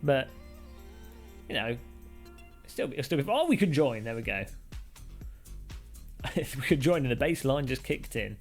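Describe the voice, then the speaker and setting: A man's voice: mid-range voice, very animated, a little slow, long pauses, faint music behind. A man hosting a live stream, chatting casually in a jokey, rambling, self-deprecating way. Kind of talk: casual live-stream chat while sim racing.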